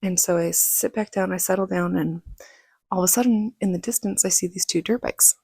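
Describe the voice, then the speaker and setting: A woman vlogger telling a personal story casually, acting out quoted lines in a higher, louder voice. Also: brisk, gravelly, slightly rough, dry recording, clean studio sound. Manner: casual, many fillers like "like".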